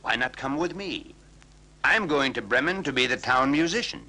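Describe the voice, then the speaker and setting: A man's voice: medium pitch, expressive, normal speed, bright, forceful tone, voice pushed up. A man voicing a kindly, cheerful old male donkey in a storybook record, sounding friendly and reassuring.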